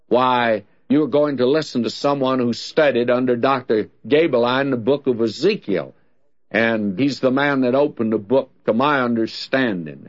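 A man teaching the Bible on a radio program, talking in a folksy, plainspoken and conversational way. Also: mid-range voice. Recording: dull lo-fi radio recording.

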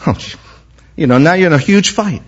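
A man's voice: on the high side, animated, normal speed, breathy edge. A man, a senior pastor, preaching a sermon with an impassioned, repetitive cadence. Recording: muffled lo-fi recording.

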